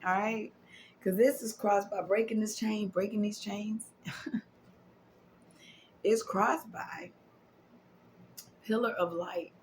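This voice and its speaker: A woman's voice: medium pitch, steady tone, slow pace, pauses often, slight background noise, rough recording. Emotional woman giving a spiritual card reading. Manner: affirming, repetitive, emotional, drops to whispers. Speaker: tarot and oracle card reader.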